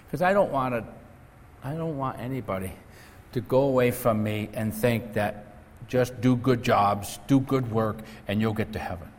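A man's voice: medium pitch, normal speed. A male pastor preaching an earnest sermon and telling stories. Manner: earnest preaching, storytelling with acted quotes. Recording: echoey hall, faint noise.

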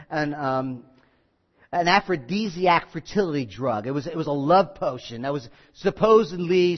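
A male pastor preaching a sermon in a folksy, joking way that turns earnest and emphatic. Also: on the high side. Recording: slightly muffled recording.

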